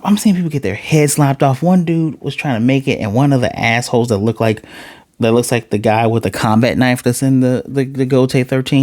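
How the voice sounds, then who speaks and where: Animated man recapping an anime episode. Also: medium pitch, dry recording, clean studio sound. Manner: animated, swears casually, restarts phrases. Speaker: anime reviewer.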